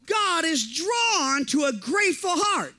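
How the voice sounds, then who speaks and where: A man preaching with a high, bright voice that cuts through the room. He drives his points home with repetition and calls on the congregation to answer back. His delivery is fervent and insistent. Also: sing-song, takes it slowly. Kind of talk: sermon.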